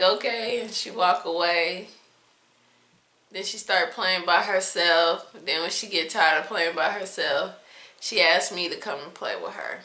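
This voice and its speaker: A woman speaking softly and reflectively in a candid, confessional monologue to her viewers. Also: mid-range voice. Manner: soft-spoken, slow and reflective. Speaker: vlogger sharing personal reflections. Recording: roomy echoey room.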